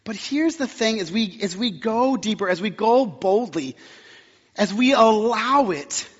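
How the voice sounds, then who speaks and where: A man's voice: sits high, expressive, a little slow, slightly rough. A young man preaching a sermon as pastor in a church, casual and conversational with self-deprecating humor and storytelling. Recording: muffled audio with long hall reverb.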